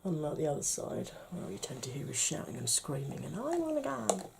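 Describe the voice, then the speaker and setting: A woman's voice: extremely low pitch, steady tone, fast, gravelly, darkish tone, slight background noise. A woman from the United Kingdom chatting through a makeup tutorial and often dropping to a whisper as she works. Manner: chatty, often drops to a whisper while working. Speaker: makeup vlogger.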